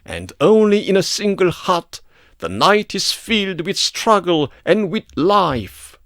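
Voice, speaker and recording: A man reading an epic poem aloud as a narrator, in a slow, expressive delivery. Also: high voice, no echo, studio quality.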